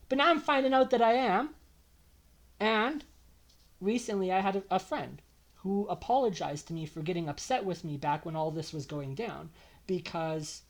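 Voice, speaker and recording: A young man telling his own story to camera in an emotional, swearing rant. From Canada. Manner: emotional, ranting, swears often, big swings in pitch and loudness. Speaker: vlogger. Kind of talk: confessional monologue to camera.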